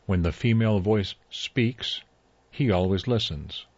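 A man reading a story aloud in a measured, even way. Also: fairly low pitch, husky, no echo, highs cut off. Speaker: narrator. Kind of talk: scripted story narration.

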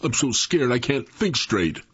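A man voicing a frightened young boy with a shaky, high, strained voice in a told story. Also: very animated, unhurried, husky, dry recording, lo-fi sound, heavily acted. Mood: scared.

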